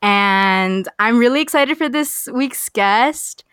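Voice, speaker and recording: A young woman hosts a podcast with bubbly, casual energy, saying "like" again and again. Her voice is smooth and clear. It is recorded dry and close, with no room sound. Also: on the high side, animated, slow pace, fairly bright tone, dry recording. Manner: bubbly, heavy use of "like". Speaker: podcast host.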